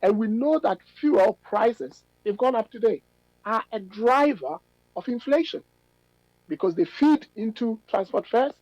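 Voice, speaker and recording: A middle-aged academic man, giving measured, analytical radio interview answers with emphatic stresses. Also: sits high, animated, darkish tone, no echo, lo-fi sound. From Ghana. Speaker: policy fellow and academic guest.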